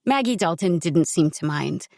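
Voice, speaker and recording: A woman reading a novel aloud as an audiobook narrator, in steady, measured scripted narration. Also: lowish voice, gravelly, dry recording, clean studio sound.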